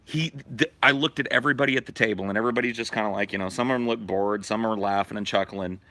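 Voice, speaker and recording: Man, podcast host, storytelling, bright forceful tone, dry sound. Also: lowish voice, quick pace, dry recording. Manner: animated, profane, acts out the voices in his story. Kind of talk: storytelling, casual chat.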